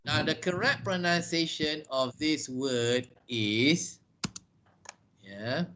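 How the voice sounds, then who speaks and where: Over a video call, a man from Malaysia teaches English in a slow, sharp, higher-pitched voice, with slight background noise. He drills pronunciation and spells words out one letter at a time.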